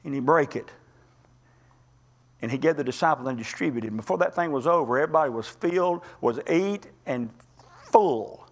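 A male preacher delivering a sermon, telling stories in a folksy, impassioned way that swings between loud climbs and quiet drops. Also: a little high, lively intonation, normal speed. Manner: impassioned, folksy storytelling with sudden rises and drops.

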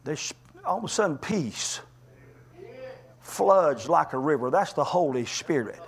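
Impassioned high-voiced male preacher. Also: lively intonation, measured pace. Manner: impassioned, folksy storytelling with sudden rises and drops. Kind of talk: sermon.

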